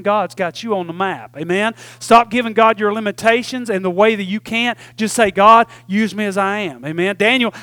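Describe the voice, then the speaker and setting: High-voiced preacher asking "Amen?". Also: male voice, a bit bright, no echo. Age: 40s. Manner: call-and-response preaching, repeatedly asking "Amen?"; folksy Southern phrasing with "y'all". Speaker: pastor. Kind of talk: sermon.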